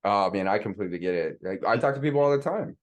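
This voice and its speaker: Lively, enthusiastic man hosting a podcast. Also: fairly low pitch, quick pace. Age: 30s. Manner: enthusiastic, eager affirmations, animated delivery. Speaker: podcast host. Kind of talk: casual interview chat.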